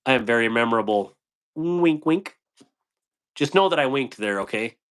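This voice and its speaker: A man's voice: medium pitch, lively intonation, quick pace, fairly bright tone, smooth. A man hosting a live stream, reading and answering chat comments in a playful way, laughing often and tripping over tongue twisters.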